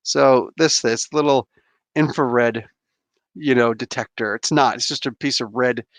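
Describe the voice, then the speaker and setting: A man's voice: medium pitch, measured pace, no room sound. A man hosting a casual livestream, chatting while he unboxes a toy and grumbling at the packaging. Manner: animated, frustrated outbursts at packaging. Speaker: host.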